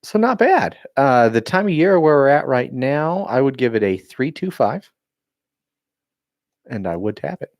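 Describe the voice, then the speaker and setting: A man co-hosting a podcast, relaxed and conversational while reviewing beer with a friend. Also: mid-range voice, unhurried, no room sound, clean studio sound. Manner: laid-back, relaxed, conversational. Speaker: podcast co-host. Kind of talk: casual beer review chat.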